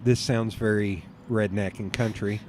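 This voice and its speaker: A man's voice: fairly low pitch, steady tone, a little slow, darkish tone, a little hiss or hum. A man with a Southern US accent, a podcast guest rambling through stories in casual chat and laughing often.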